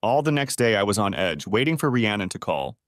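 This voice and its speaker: Man narrating a story with lively pitch. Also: brisk, no room sound, clean studio sound. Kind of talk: first-person audiobook narration.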